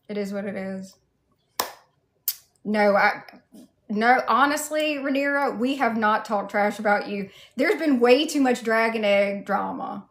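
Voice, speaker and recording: A woman's voice: a little high, a little slow, a bit bright. A woman with a Southern US accent chatting casually on a livestream, reading out viewers' comments and greeting them in a playful, sassy way. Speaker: livestreamer in cosplay.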